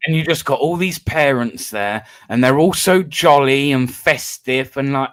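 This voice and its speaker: A man's voice: mid-range voice, unhurried, hardly any pauses, a bit bright, dry recording. A British man hosting a live voice chat, chatting casually and telling stories in a self-mocking way. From Britain. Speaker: host of a live voice-chat panel. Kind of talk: casual banter. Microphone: online voice chat.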